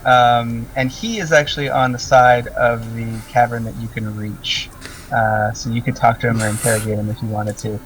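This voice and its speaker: A man's voice: medium pitch, level tone, moderate pace, noisy background. A man narrating a tabletop game as game master, describing scenes with many ums and likes. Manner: descriptive, full of "um" and "like". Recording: distant mic with faint music.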